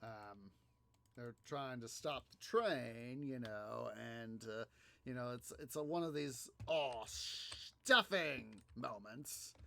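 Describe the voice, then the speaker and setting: A man hosting a gaming video, telling a story in a halting, rambling way, full of fillers and restarts as he plays. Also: medium pitch, a bit bright. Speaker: gaming channel host. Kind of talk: casual gameplay commentary.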